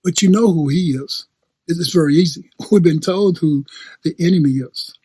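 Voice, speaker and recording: A man's voice: on the high side, moderate pace, dark tone, breathy edge, no room sound. A man preaching a conversational sermon, chatty, often laughing and repeating phrases as he talks. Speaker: pastor.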